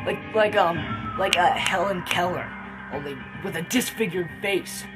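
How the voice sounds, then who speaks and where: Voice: medium pitch, measured pace, loud music behind the voice, rough recording. A casual movie reviewer retelling a plot in a rambling way, full of fillers and restarts.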